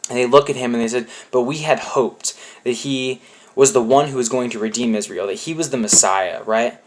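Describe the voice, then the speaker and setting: A young man giving a casual youth sermon, talking conversationally and acting out quotes in playful voices. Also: medium pitch. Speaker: youth pastor.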